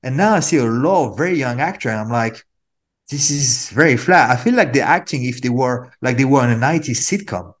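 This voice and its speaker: A man's voice: mid-range voice, fast talker, few pauses. French-accented man chatting as a guest. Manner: animated, rambling, repeats words. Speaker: actor guest. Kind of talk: casual interview chat.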